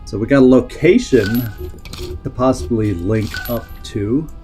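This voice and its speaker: A man's voice: mid-range voice, a little slow, dark tone, soft background music. A man streaming a strategy game, thinking aloud, reading in-game text and answering chat as he plays. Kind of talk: live-stream gameplay commentary.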